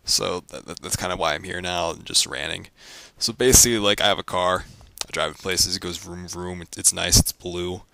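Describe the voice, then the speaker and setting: Low-voiced young man rambling casually. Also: brisk, vocal fry, hardly any pauses, background noise. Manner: rambling, filler-heavy, deadpan jokey. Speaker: vlogger.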